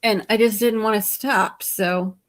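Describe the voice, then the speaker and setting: A woman's voice: medium pitch, unhurried. A tired woman guest chatting casually on a live stream, rambling and correcting herself as she talks. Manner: rambling, relaxed, self-correcting. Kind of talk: casual chat.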